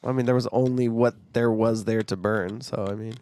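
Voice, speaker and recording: A man's voice: on the low side, fairly even intonation, normal speed, a little mellow, no echo, clean studio sound. A man co-hosting a band podcast in casual chat, laid-back and swearing casually, getting over a cough. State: recovering from a cough. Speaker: podcast co-host, band guitarist.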